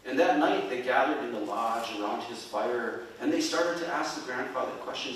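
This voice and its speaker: A storyteller and musician tells stories on a performing arts center stage in a folksy, chuckling manner, recorded from far off in a large, echoing hall with slight background noise. His voice is medium-pitched and fairly bright, at a moderate pace.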